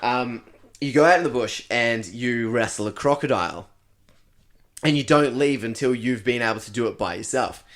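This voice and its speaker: A man's voice: medium pitch, moderate pace. A young Australian man co-hosting a casual podcast, telling a story with lots of laughter and swearing. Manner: animated, laughing, swearing, acting out voices in anecdotes. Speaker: podcast co-host.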